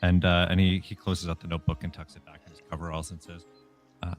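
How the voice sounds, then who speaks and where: A man taking part in a tabletop role-playing game, eager and talking quickly. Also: low-pitched, flat delivery, soft background music. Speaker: player.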